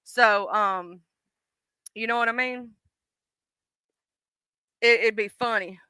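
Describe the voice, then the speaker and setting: A woman with a Southern US accent chats casually on her live stream, calling out viewers by name in a folksy, easygoing way. Her voice is very bright and clear. The sound is close and dry. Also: on the high side, slow pace, dry recording. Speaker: livestream host. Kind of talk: casual chat reading viewer comments.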